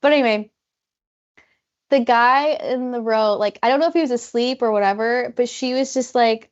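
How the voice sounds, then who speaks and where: A woman co-hosting a podcast, telling a travel story in an animated way, full of "like" fillers and acted-out quotes. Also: a little high, moderate pace, lo-fi sound. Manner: animated, many "like" fillers, acts out quoted people. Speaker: podcast co-host. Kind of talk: casual storytelling chat.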